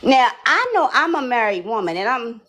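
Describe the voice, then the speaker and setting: A married woman with a slightly high voice asks pointed, sarcastic questions on a live stream. She pauses after each question, waiting for an answer. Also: very animated, fairly bright tone, low-quality recording. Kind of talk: casual live stream chat.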